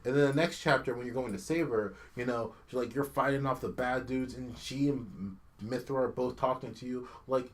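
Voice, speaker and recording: Young guy, podcast co-host, exasperated profane rant, mid-pitched voice. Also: fairly quick, few pauses. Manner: ranting, profane, exasperated, mocking impressions. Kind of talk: casual chat.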